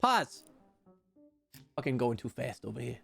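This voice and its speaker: A young man streaming a game live, loud and excitable and swearing freely as he comments. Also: medium pitch, a little slow, creaky, breathy edge, soft background music.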